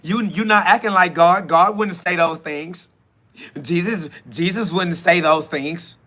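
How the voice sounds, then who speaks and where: Male host, high voice, emphatic slangy live preaching. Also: unhurried, sharp tone. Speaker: podcast host. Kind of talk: casual preaching monologue streamed live.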